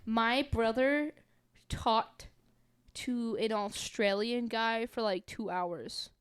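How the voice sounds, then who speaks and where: A woman's voice: a little high, takes it slowly, clear, resonant tone. A young woman guest on a podcast, chatting casually with giggly, playful teasing. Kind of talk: casual chat.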